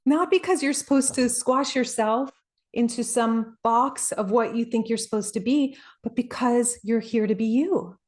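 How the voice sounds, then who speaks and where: A woman life coach giving a reflective, earnest motivational talk, personal in tone, with soft laughs along the way. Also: a little high, moderate pace.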